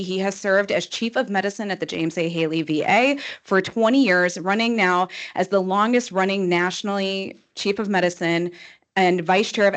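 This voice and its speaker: A woman with a Chicago accent giving a formal introduction of a speaker, reading a long list of honors at a brisk clip. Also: medium pitch. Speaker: vice chair of education introducing a speaker.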